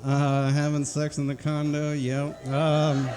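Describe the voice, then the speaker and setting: A man on a comedy club stage delivering short, dry, deadpan one-liners. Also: on the high side, slow. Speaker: stand-up comedian. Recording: club room noise behind.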